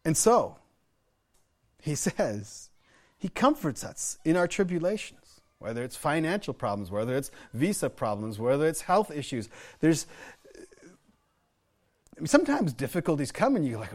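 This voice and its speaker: A man's voice: on the high side, sing-song, moderate pace, pauses often. A middle-aged American man preaching a sermon, telling personal stories in an earnest way, often restarting and repeating words. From United States. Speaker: pastor.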